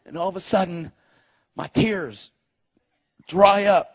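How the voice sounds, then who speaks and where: A middle-aged man preaching a sermon as a story, animated, dropping to a hush and rising to shouts. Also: sits high, slow, slightly rough, lo-fi sound. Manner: animated, swings from hushed to shouting.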